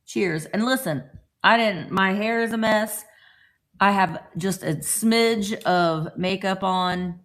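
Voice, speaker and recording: This middle-aged vlogger takes it slowly, her medium-pitched voice fairly bright. She chats casually on a morning live stream at home, welcoming viewers by name.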